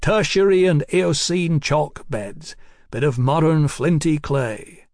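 A man's voice: a little high, slow pace, a little mellow, no room sound, clean studio sound, pitched above the performer's own voice. A man doing a wry, skeptical scientist.

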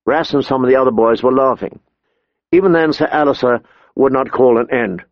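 A male narrator reads a story in a steady, measured way, his voice carrying a gravelly, creaky texture. The recording is very dry and slightly dull, as if close-miked in a treated booth. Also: mid-range voice, no room sound. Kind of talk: audiobook narration.

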